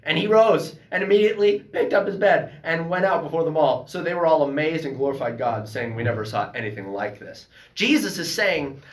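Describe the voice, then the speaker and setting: Excitable man teaching a church class. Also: a little high, fairly quick, hardly any pauses, reverberant. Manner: excitable, reads scripture aloud and bursts into exclamations. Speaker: Sunday school teacher. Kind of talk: Bible class lesson.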